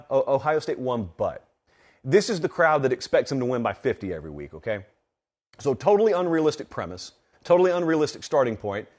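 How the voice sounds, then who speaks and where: A man's voice: mid-range voice, a little mellow. Emphatic male sports show host. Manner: emphatic and conversational, with rhetorical questions; talks straight to the audience. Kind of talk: solo college football commentary.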